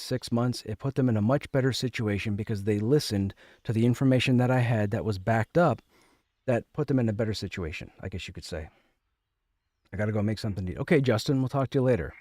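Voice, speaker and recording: A man's voice: medium pitch, mellow, dry recording. A man streaming a game from home, chatting casually and rambling, often repeating his phrases. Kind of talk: casual chat.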